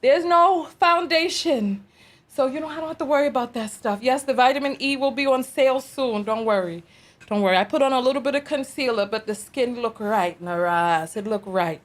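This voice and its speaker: A woman's voice: sits high, fairly quick. A woman hosting a reaction video, commenting in an exasperated, dramatic way and laughing through it.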